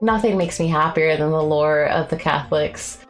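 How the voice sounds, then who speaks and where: A woman with a lowish speaking voice chats casually while streaming herself at work. She gushes and rambles with excitement and now and then jumps into high squeals. Faint music plays softly behind her. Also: normal speed. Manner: effusive and excitable, gushing with sudden high squeals. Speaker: artist streaming a co-working session. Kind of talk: casual livestream chat.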